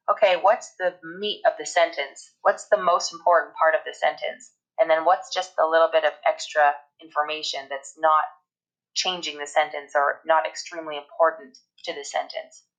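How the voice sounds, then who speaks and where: A woman teaching a recorded English grammar lesson, explaining step by step and reading examples aloud slowly. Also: low voice, a bit bright, rough recording.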